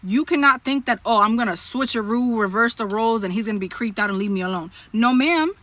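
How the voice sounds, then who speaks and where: A woman telling a story to camera in a blunt, profane, animated way. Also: on the high side, fast, no echo.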